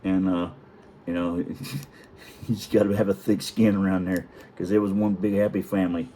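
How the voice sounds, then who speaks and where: A middle-aged man, a retired Navy chief, telling profane, chuckling stories in a casual vlog and clearing his throat now and then. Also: low-pitched, flat delivery, moderate pace, warm tone, slight background noise. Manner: profane, chuckling, rambling anecdotes.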